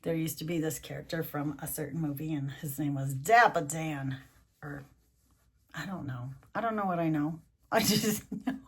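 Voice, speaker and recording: A woman's voice: low-pitched, moderate pace, husky. An older woman, a grandmother, reading a picture book aloud with chatty asides and frequent laughs, her voice swooping up when she reads the story.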